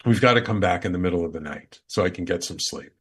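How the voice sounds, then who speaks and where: A man voicing his anxious, fretful wife, talking in a whiny, hurried way. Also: sits low, fairly bright tone, breathy edge.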